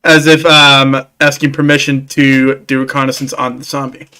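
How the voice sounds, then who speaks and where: A man's voice: mid-range voice, little pitch movement, moderate pace, pushed and bright, smooth. A man narrating a tabletop game as dungeon master, hesitant, with many fillers.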